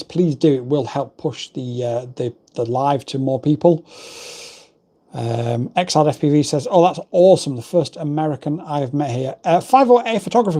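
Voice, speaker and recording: On a casual livestream, a middle-aged English host talks into a desk microphone, drifting between topics and reading viewers' messages out loud. His warm voice leans toward the high side.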